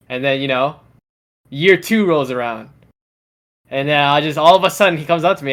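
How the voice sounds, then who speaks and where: A man's voice: a little high, brisk, a bit bright. A young man co-hosting a podcast, telling a story in casual chat with constant swearing. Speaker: podcast co-host.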